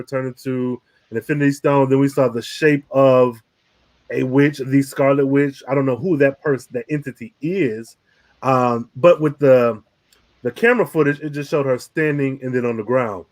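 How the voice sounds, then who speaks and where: A man hosting a casual review podcast, talking animatedly, laughing often and swearing casually. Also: mid-range voice. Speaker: podcast host.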